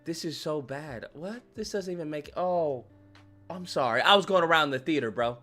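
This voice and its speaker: A man ranting comically about a movie as a YouTube host, slangy and animated, acting out scenes. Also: sits high, moderate pace, faint music behind. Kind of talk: comedic movie rant.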